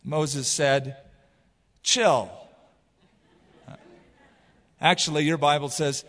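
Man, pastor, sermon, casual storytelling, slightly high voice, long church reverb. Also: moderate pace. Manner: casual, animated storytelling with paraphrase.

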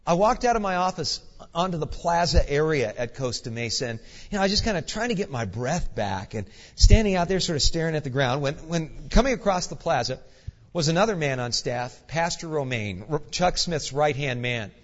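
A male guest pastor preaching a sermon, an animated, earnest storyteller with folksy asides. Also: fairly high pitch, fairly quick. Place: church sanctuary. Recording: dull echoey church hall recording.

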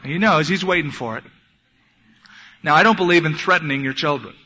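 A man's voice: fairly high pitch, brisk, bright, forceful tone, slight background noise. A young adult man preaching a sermon in an earnest, emphatic, storytelling way, in an echoey hall on a dull lo-fi recording. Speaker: pastor.

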